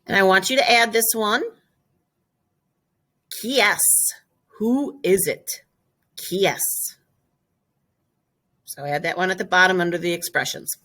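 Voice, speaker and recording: A woman teaching a French vocabulary lesson, explaining step by step and repeating each word slowly and clearly. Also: mid-range voice, bright, forceful tone. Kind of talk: classroom lesson video.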